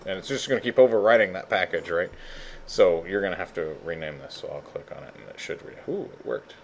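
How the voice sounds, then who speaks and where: A man running a casual screen-share software tutorial, goofy and rambling with lots of fillers. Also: low-pitched, expressive, a little fast, vocal fry, slight background noise. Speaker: instructor.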